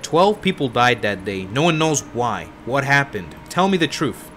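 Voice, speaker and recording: Pushy detective guy demanding answers, read by a man, mid-pitch voice. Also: sing-song, measured pace, fairly bright tone, faint music behind. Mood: insistent.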